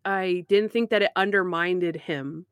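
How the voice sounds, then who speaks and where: A woman's voice: on the low side, measured pace, smooth, no room sound. Woman chatting casually, dry close sound. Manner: animated retelling with quoted voices. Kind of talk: casual chat about a TV episode.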